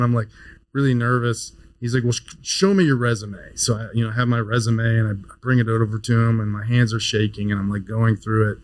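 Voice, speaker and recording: A man in his fifties, a neurosurgeon guest on a podcast, telling a story in a casual, animated way with many restarts. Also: lowish voice, poor audio. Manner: animated storyteller, frequent restarts, laughs easily.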